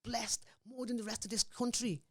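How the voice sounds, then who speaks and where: A woman's voice: on the high side, little pitch movement, normal speed, fairly bright tone, breathy edge. A woman in her forties with a Scouse accent, speaking as an interview guest in a forthright, emphatic way. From Liverpool, England. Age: 40s. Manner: emphatic, forthright, often asks "you understand me?". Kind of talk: impassioned interview talk.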